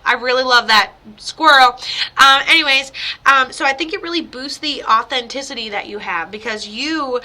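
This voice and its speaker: A woman medium giving a spirit reading, effusive and rambling, full of fillers, reassuring toward the person she reads for. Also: on the high side. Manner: warm, reassuring tone to the sitter. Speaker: psychic medium. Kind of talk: live virtual spirit reading.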